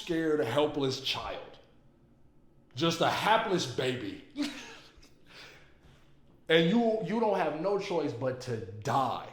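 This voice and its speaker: A man giving casual, emphatic movie commentary, excitable and full of profanity. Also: on the high side. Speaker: movie reviewer. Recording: roomy echo.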